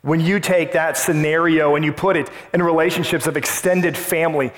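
A man preaching a sermon as pastor, telling a family story with lively asides and acting out his own past lines. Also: on the high side, moderate pace. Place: church sanctuary. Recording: long reverb of a church hall.

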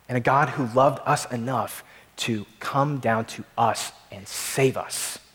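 A pastor preaching a sermon to his congregation, emphatic and slowing down to stress key lines. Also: medium pitch, echoey room, big-room sound.

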